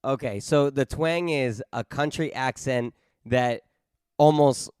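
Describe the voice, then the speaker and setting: A man's voice: mid-range voice, takes it slowly, a little mellow, clean tone, no room sound, studio quality. A man hosting a casual podcast interview, asking easygoing questions and cracking light jokes. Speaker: podcast host.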